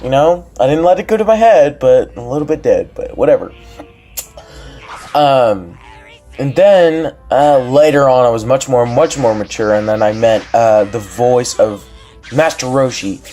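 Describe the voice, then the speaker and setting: A young man telling a story on his vlog, excitable and rambling with many restarts. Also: mid-range voice, unhurried, faint music behind. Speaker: vlogger.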